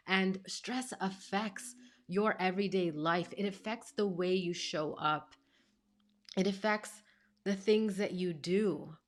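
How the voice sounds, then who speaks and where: A woman in her thirties speaking to camera as a life coach, at a medium pitch for a woman. She tells her story casually and expressively, leaning hard on "like" and "you know" and stressing the key words. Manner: chatty, fills speech with "like" and "you know"; expressive, emphatic retelling.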